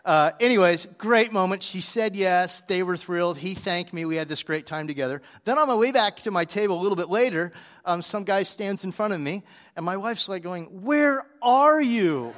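Animated high-voiced preacher man. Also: a little fast, in a large hall. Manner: animated storytelling, acts out dialogue. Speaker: pastor. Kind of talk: sermon with personal story.

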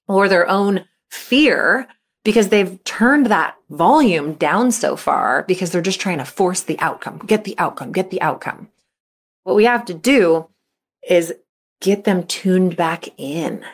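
A young woman coaching parents on her podcast, in a somewhat low voice. She talks in a loose, chatty way full of fillers and restarts. When she acts out a quote, her voice leaps up in high, excited bursts. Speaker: mental skills coach for young athletes. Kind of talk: casual advice podcast.

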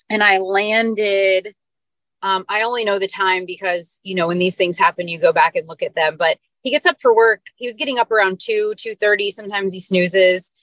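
On a podcast, a woman guest shares a personal story in an interview, speaking earnestly and emotionally with casual filler words. Her voice is medium-pitched and a little bright, with no echo.

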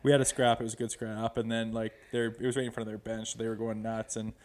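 A man's voice: on the low side, flat delivery, quick pace, a little mellow. A middle-aged man, a former pro hockey player, guesting on a podcast and telling loose, profane, rambling stories in casual chat.

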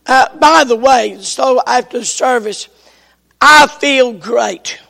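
A man preaching a sermon at a slow, deliberate pace, his voice pitched unusually high and gravelly. He is clearly strained and coughing now and then, yet he hammers the same refrain and builds to shouts. The sound hangs in a long church reverb. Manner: emphatic, repeats his refrain, rises to shouts. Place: church sanctuary.

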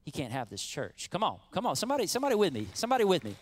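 Animated man preaching a sermon. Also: high-pitched, racing, breathy edge. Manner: animated, conversational preaching with acted-out quotes. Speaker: pastor.

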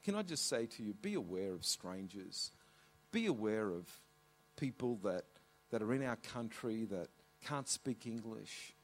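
A man's voice: lowish voice, unhurried. A middle-aged man, a pastor telling a family story in his sermon, often restarting with "and so". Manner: animated, repeats "and so".

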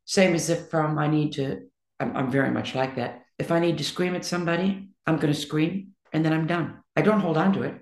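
A woman answers interview questions in a blunt, emphatic, outspoken way. Her voice is rough and gravelly, with a clear fry to it. The room adds a noticeable echo around her. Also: low-pitched, fairly quick, a little mellow. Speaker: interview guest, poet and songwriter. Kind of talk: candid conversational interview.

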